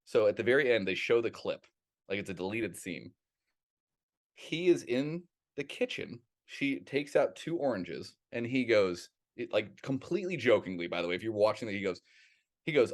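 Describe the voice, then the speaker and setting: A man with a fairly low voice co-hosts a casual podcast, and he rambles through stories with lively, animated energy and a lot of swearing. He keeps his delivery loose and conversational, as if he's just chatting with friends. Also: normal speed. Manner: rambling, animated storyteller who swears freely. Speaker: podcast co-host.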